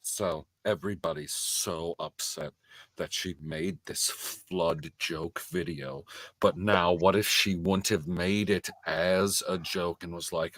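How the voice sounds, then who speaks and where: A man's voice: low-pitched, slow pace, gravelly, no echo, studio quality. A man co-hosting a casual podcast chat, arguing his points with plenty of swearing. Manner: profane, argumentative, lively. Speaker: podcast co-host.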